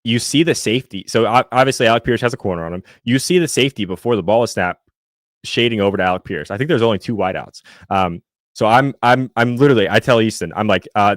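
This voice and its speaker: Podcast co-host, young man from Indiana, low pitch, dry close sound, loose chatty delivery full of fillers and restarts. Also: fast talker, no echo. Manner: rambling, many fillers and restarts. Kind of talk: casual sports chat with live chat.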